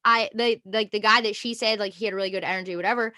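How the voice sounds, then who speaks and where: A young woman co-hosting a casual chat, telling an animated story and acting out quotes with frequent laughter. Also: medium pitch, fast, no room sound, studio quality. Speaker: podcast co-host.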